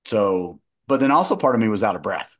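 Low-voiced man telling a story. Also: a little fast. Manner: animated storytelling with many restarts. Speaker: podcast co-host, dietitian. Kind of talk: casual conversational chat.

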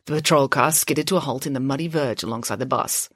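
A woman author narrating her children's adventure book aloud with an expressive storytelling manner. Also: rumbling low, fast, husky, no echo, clean studio sound. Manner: lively, expressive reading. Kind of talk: storybook narration with character voices.

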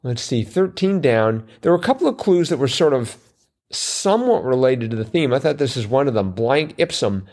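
A man's voice: mid-range voice, sing-song, normal speed, a little mellow. A man co-hosting a podcast, chatting casually about a crossword and thinking aloud with self-deprecating asides. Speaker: podcast co-host.

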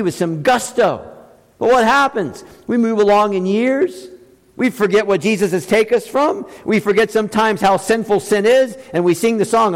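A man preaching a sermon, asking his listeners questions and swinging between loud high emphasis and quiet low passages. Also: normal speed, in a large hall, poor audio. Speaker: pastor.

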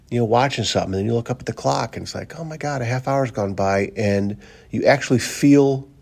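The host is a coach whose voice is on the low side: gravelly, a little mellow, slightly rough. Behind the wheel on his commute, he rambles earnestly through his daily motivational podcast with plenty of fillers and repeated lines, briefly choking up.

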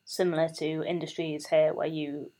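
A podcast co-host chatting casually in a relaxed, wry way, often pausing with ums. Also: male voice, fairly high pitch, gravelly.

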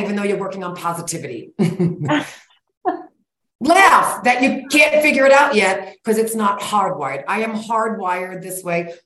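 A woman's voice: medium pitch, expressive, normal speed, fairly bright tone. Blunt, folksy woman in her forties. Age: 40s. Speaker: guest, sugar-cravings coach. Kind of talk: casual interview chat. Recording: roomy echo.

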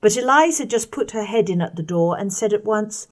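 A woman narrating a first-person story in a measured audiobook reading, letting her voice drop soft on the quiet passages. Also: mid-range voice, animated.

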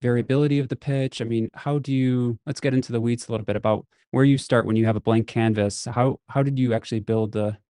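A man's voice: medium pitch, fairly even intonation, quick pace, few pauses, dark tone, smooth, no room sound, studio quality. A man hosting an interview, asking thoughtful, probing questions. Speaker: interview host.

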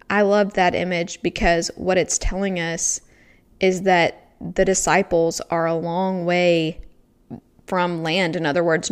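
A woman hosting a devotional podcast, teaching on a scripture passage in an earnest, reflective way with pauses for emphasis. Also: lowish voice.

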